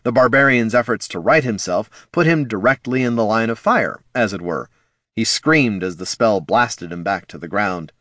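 A man narrating a fantasy audiobook in an expressive storytelling manner. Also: lowish voice, no room sound, studio quality.

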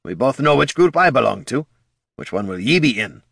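A growling, blunt dwarf warrior, played by a man narrating a storybook, a little raised and punchy over the narrator's low voice. The pitch swings widely. It is a close, dry recording. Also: big pitch swings, fairly quick, gravelly, a bit bright, dry recording, full character voice. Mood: gruff. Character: gruff battle-hardened male dwarf warrior.

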